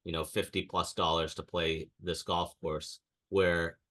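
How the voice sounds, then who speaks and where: Deep, bright-toned man ranting. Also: level tone, measured pace. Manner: ranting storyteller, mimics people he quotes. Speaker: podcast co-host. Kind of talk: casual chat.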